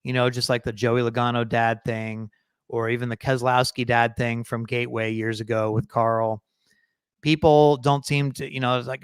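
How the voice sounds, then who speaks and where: A man's voice: mid-range voice, level tone, moderate pace, clear, resonant tone, dry recording. A man co-hosting a casual podcast, rambling along and correcting himself as he goes. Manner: rambling, self-correcting, laughs easily. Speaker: podcast co-host.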